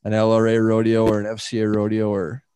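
A man's voice: on the low side, completely flat delivery, quick pace, warm tone, clear, resonant tone. A man hosting a podcast, telling rambling stories in casual chat, swearing freely and laughing often. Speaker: podcast host.

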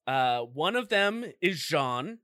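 A man's voice: fairly high pitch, big pitch swings, slow, pushed and bright, no echo, studio quality. A man co-hosting a podcast, casually recapping a video game story with jokey asides. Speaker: podcast co-host.

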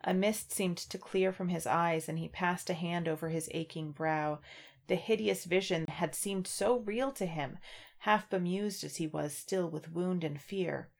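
Low gravelly woman discussing a book. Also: a little slow. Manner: conversational, reads passages aloud in an even voice. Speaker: podcast co-host. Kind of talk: casual book discussion with read-aloud passages.

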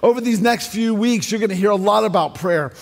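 A man's voice: sits high, brisk, creaky. A male pastor, preaching a sermon in an upbeat, joking, sing-song cadence. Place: church sanctuary.

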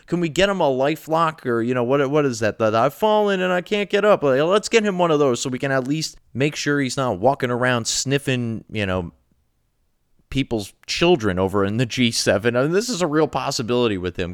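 Male host, profane sarcastic political rant, smooth clear voice, dry close sound. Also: medium pitch, dry recording.

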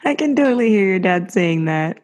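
A woman, the parent of a young child, chatting casually and telling lively stories. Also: mid-range voice, a little fast. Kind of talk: casual chat.

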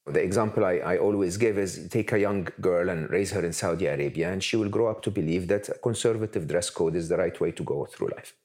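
Low-voiced man giving emphatic interview answers. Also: fast, few pauses, darkish tone. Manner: emphatic, repetitive lists for effect. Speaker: interview guest.

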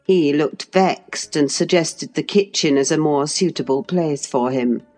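A woman narrating a classic novel as an audiobook, measured and expressive. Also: sits low, soft background music. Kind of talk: classic novel read aloud.

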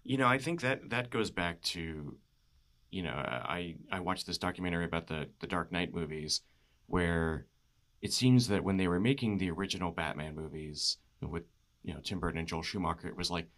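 A man's voice: low voice, normal speed, fairly bright tone. A man talking casually about films, rambling with lots of fillers and frequent laughs. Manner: rambling, many "you know" fillers, laughs often. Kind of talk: casual film chat.

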